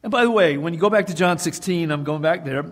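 A man's voice: a little high, quick pace. Emphatic man preaching in a reverberant hall. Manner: emphatic, repeats key phrases. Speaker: pastor. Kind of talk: sermon.

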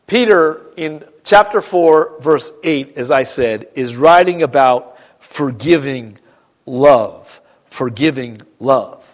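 A man preaching a Sunday sermon in church, emphatic and swinging between loud and quiet, often repeating phrases. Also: medium pitch, slow. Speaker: pastor.

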